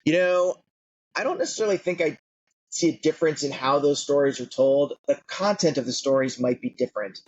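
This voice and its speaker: A man's voice: on the high side, brisk, muffled recording. A man in his late forties, a founder being interviewed on a podcast, talking conversationally with many fillers. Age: 40s. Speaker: guest founder.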